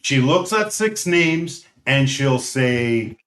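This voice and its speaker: A middle-aged man co-hosting a podcast in casual chat, blunt and loud, swearing constantly. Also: medium pitch, lively intonation, slow, hardly any pauses. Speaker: podcast co-host.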